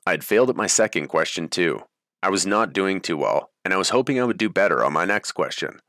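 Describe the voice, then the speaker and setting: Low-voiced man reading a memoir. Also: lively intonation, fairly quick, a bit bright, no room sound, clean studio sound. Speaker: audiobook narrator. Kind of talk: first-person memoir narration.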